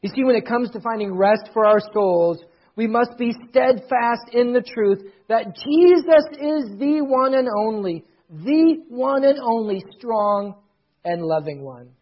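A middle-aged male pastor preaching a sermon, swelling loud, then dropping to near whispers. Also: very high voice, lively intonation, a little slow, muffled recording.

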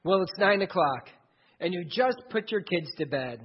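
A man's voice: high voice, expressive, normal speed, slightly rough. A man preaching a sermon in an earnest way, speaking straight to the listener as "you". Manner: earnest, second-person storytelling. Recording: dull lo-fi recording.

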